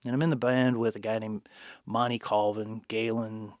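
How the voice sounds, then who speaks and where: A man's voice: on the low side, little pitch movement, normal speed, a little mellow, dry recording. Older man, casual podcast storyteller, laughs a lot, salty language, dry close sound. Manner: rambling, laughs often, swears freely. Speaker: podcast guest, bookstore owner.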